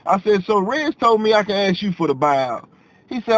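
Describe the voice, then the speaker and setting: A man telling a personal story to his audience in a casual, animated way, often repeating himself and acting out what others said. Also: sits high, moderate pace, no echo, rough recording.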